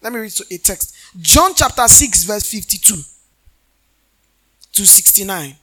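A man's voice: high voice, animated, measured pace, pushed and bright. A man preaching a sermon, often asking the congregation questions and answering them in a sing-song preaching cadence. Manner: call-and-response questions to the congregation. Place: church.

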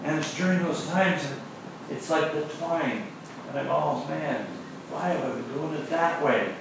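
A pastor with a slightly high, gravelly voice preaches at a moderate pace, sharing a personal story and then hammering his points home with repetition. The church recording is lo-fi, echoey and distant, with a noisy background.

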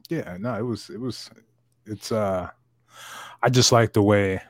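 A man with a fairly low voice banters through a casual podcast conversation. He jokes loosely and swears freely. The sound is dry and close, with no room around it. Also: a little slow, no room sound. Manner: loose, joking, profane banter. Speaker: podcast host. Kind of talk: casual chat.

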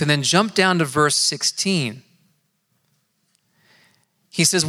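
A man preaching to his congregation, his voice bright and forceful, a little higher than most men's. He tells his own story in an earnest, conversational way and leans hard on key words. The sound rings out with the long reverb of a big hall. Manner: earnest, conversational storytelling with emphatic slow stresses. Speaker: pastor. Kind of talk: sermon with personal testimony. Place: church sanctuary.

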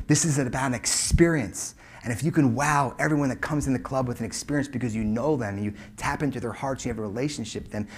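Telling a customer service story from the keynote stage, a man in his forties speaks emphatically, alternating loud, punchy moments with hushed asides. His voice sits mid-range with a breathy edge.

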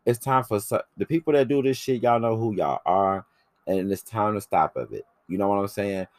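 Very deep-voiced man, brash and profane. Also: normal speed, dry recording. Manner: brash, profane, animated storytelling. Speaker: podcast host. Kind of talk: casual chat.

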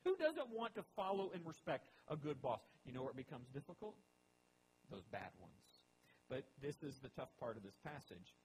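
A man preaching a sermon, his fairly high voice swinging widely as he presses his points. He talks in an animated way, rising and dropping for emphasis, over a faint hum in the recording. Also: a little fast, few pauses, poor audio. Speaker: pastor.

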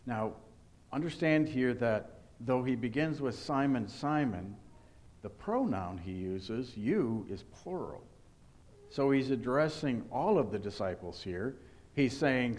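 A man preaching an earnest sermon to his congregation. He keeps asking rhetorical questions and speaks at an ordinary pitch for a man. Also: expressive, slow, a little mellow. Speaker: pastor.

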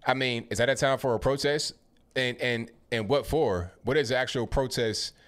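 A man's voice: medium pitch, normal speed, a bit bright. A man hosting a livestream in a casual commentary style. He reads viewer comments aloud and answers them with blunt rhetorical questions, using slang and often repeating words.

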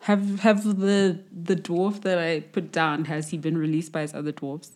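A woman with a lowish voice plays a tabletop game. She talks hesitantly and often apologizes. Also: little pitch movement, normal speed, darkish tone, slight background noise. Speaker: player. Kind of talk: casual tabletop game play.

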